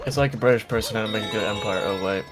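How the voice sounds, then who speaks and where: A man's voice: fairly low pitch, very fast, music in the background, low-quality recording. An Irish man chatting casually on a game stream, joking and swearing freely. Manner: jokey, sweary, wisecracking.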